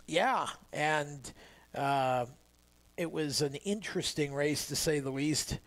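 A man hosting a motorsport radio show, talking in a relaxed, chatty way with plenty of fillers and restarts, recorded in a radio studio. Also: a little high, slow pace. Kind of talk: casual motorsport radio talk.

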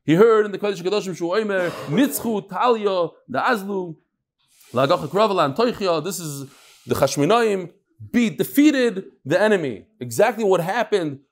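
A man hosting a daily Talmud class, animated, thinking aloud and putting questions to the room. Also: sits high, moderate pace. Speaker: Talmud teacher and host. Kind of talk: daily Talmud class before a live audience.

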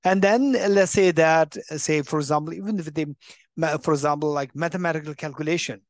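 A man's voice: on the high side, fairly quick, no echo. Man, Buddhist teacher, emphatic, restarts words, English, dry close sound. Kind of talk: dharma teaching. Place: teaching center room.

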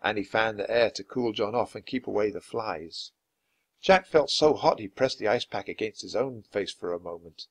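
Brief: man narrating a children's book, clear and steady, dry close recording. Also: fairly low pitch, moderate pace, no echo. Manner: clear and steady, acting out dialogue. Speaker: storybook reader. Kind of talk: scripted narration for language learners.

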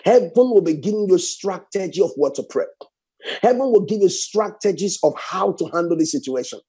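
A man preaching a sermon fervently, repeating phrases and swinging from raised exclamations to hushed prayer. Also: sits high, lively intonation, fairly quick, slightly rough.

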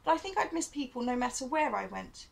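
A woman's voice: sits high, sing-song, a little fast, gravelly, pitched above the performer's own voice, exaggerated voice. An earnest young boy, voiced by a woman. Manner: eager, earnest.

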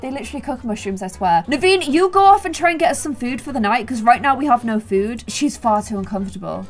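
A woman's voice: on the high side, fast talker, faint music behind. Bubbly young woman doing game commentary. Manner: animated, gasps often, talks to the characters. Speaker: gaming video host. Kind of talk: playful gameplay commentary.

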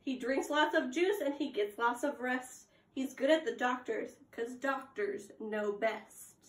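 A young adult woman teaching preschoolers at circle time, reading aloud and prompting them with gasps and questions. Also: sits high. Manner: slow, sing-song, exaggerated gasps and prompts to children. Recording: echoey room.

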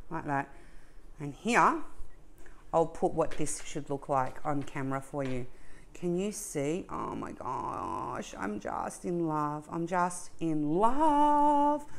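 A middle-aged woman hosts a casual crafting unboxing at home, speaking to her viewers in a gushing, openly emotional way and muttering asides to herself. Her voice sits a little on the low side. A faint noise hangs behind her. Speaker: crafting channel host.

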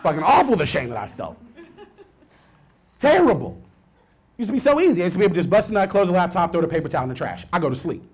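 A man in his thirties performing a stand-up comedy set, swinging between low mumbled asides and loud outbursts. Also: big pitch swings, quick pace, pauses often, slightly rough. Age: 30s.

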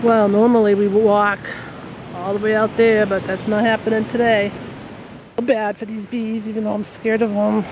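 A woman, narrating a casual nature vlog by a river and roadside, full of excited exclamations, recorded on a handheld camera. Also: mid-range voice, normal speed. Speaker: nature vlogger. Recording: outdoor traffic noise behind.

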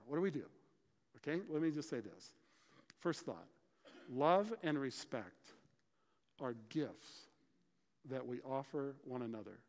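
A man preaching a sermon, explaining scripture and telling stories with lively, acted-out dialogue. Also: medium pitch. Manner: animated storytelling, acts out dialogue. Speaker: pastor. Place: church sanctuary. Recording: church hall reverb.

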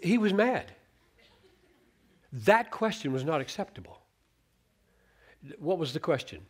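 A middle-aged man preaching a sermon, teaching on scripture in an earnest, animated way and quoting verses with changing emphasis. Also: on the high side, measured pace, pauses often, slightly rough.

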